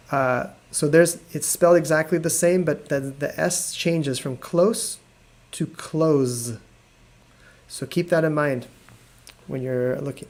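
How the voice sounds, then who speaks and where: A man teaching an English lesson on a live video stream, explaining patiently and repeating words slowly. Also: a little high. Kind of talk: live online language lesson.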